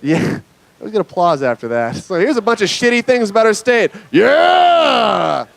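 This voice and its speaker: Young man doing stand-up, deadpan. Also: high voice, a little fast. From Nevada. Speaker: stand-up comedian. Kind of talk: stand-up comedy set. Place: comedy club stage.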